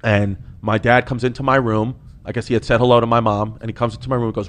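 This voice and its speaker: A comedian telling a casual, rambling story on a podcast, profane and animated, with many restarts. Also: male voice, mid-range voice, fast.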